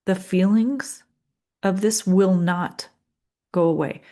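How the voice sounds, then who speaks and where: A middle-aged woman coach speaking gently and with empathy in a podcast monologue, often repeating and listing phrases. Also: mid-range voice, fairly even intonation, slow pace. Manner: gentle, empathetic, with repetition and lists. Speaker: leadership coach.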